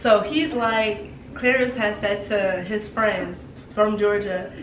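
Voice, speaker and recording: A woman's voice: medium pitch, fairly even intonation, slow, a crowd in the background. A woman, chatting casually to her vlog viewers and telling a story with easy laughter. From New York. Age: 20s. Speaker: vlogger. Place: car and home.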